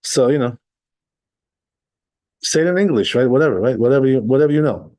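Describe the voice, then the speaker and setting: A rabbi with a medium-pitched, slightly fast and somewhat mellow voice teaches a conversational class on a religious text. He reads Hebrew and Aramaic passages aloud, then translates and explains them step by step in plain English, often checking in with "right?".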